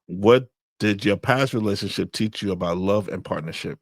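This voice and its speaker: A man co-hosting a faith-based marriage podcast, speaking in a halting way as he searches for words. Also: fairly low pitch, no echo. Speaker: podcast co-host. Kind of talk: casual faith-based chat about marriage.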